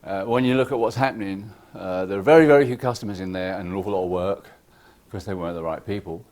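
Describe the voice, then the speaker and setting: A man's voice: sits low, fast talker. Irreverent man giving a conference talk. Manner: lively, irreverent, joking with the audience; acts out clients' lines in quoted voices. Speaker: conference speaker. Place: conference hall.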